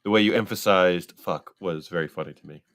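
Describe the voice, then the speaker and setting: A man's voice: low-pitched, brisk, fairly bright tone. A man co-hosting a podcast, dropping short amused remarks in casual chat. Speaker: podcast co-host.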